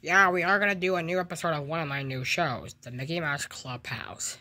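A man's voice: on the high side, fairly quick, pushed and bright, voice pushed down. A man voicing a cheerful male cartoon mouse in a homemade toy skit, mumbling through stumbling restarts. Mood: relaxed.

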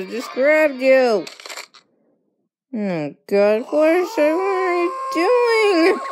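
A woman commenting on a game, reacting with excitable, alarmed outcries. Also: a little high. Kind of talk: reacting to gameplay. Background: game music.

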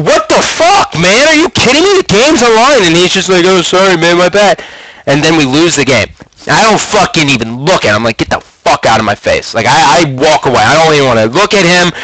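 A man's voice: a little high, dry recording, low-quality recording. A young man hosting his own show, telling a long casual story with lots of swearing and acted-out quotes. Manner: profane, animated storyteller, acts out quoted lines. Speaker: podcast host.

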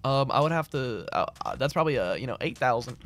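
A man's voice: medium pitch, lively intonation, quick pace, fairly bright tone. Slangy gamer guy streaming live. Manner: loose, slangy, rambling, answers chat. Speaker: game streamer. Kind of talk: casual live-stream chat. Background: keyboard clicks and typing.

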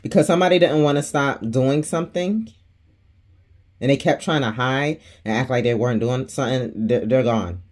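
A man's voice: medium pitch, moderate pace, darkish tone. A man giving a casual tarot reading, chatty and slangy, laughing often and swearing freely. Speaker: tarot reader.

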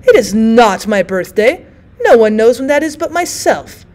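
A woman voicing a bitter, despairing bedridden old woman, loud and accusing. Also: a little high, sing-song, normal speed.

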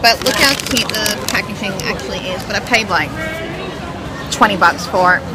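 A woman's voice: mid-range voice, normal speed, noisy background. A young Australian woman chatting casually to her camera while shopping, giggly and self-mocking. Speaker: vlogger. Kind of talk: casual vlog chat. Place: busy shopping centre food court. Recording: loud crowd and background music.

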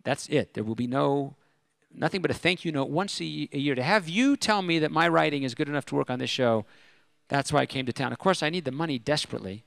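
A middle-aged man telling a personal story at a convention, animated and self-deprecating. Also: a little high, fast, gravelly, no echo. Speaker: speaker at a religious convention.

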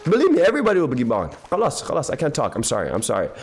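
A man of Ethiopian background giving casual gaming commentary in animated, excitable, slangy banter, tired and half awake. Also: mid-range voice, very fast, breathy edge. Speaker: game streamer. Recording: voice over game audio and faint music.

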